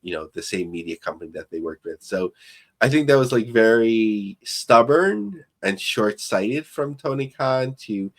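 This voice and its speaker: A man's voice: fairly low pitch, expressive, measured pace. A man co-hosting a podcast, talking through business news in a loose, rambling way with many fillers. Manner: rambling, filler-heavy and thinking aloud. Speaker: podcast co-host. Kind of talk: casual podcast commentary.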